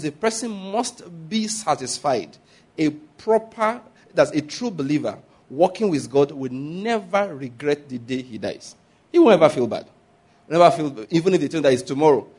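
A man's voice: medium pitch, darkish tone. Preaching man with call-and-response. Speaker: pastor. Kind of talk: sermon.

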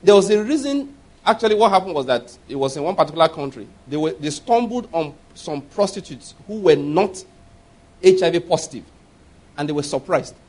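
A middle-aged pastor delivers a sermon in a slightly high, brisk voice. He tells personal stories, acting out the quoted voices with animation and laughing at his own tales.

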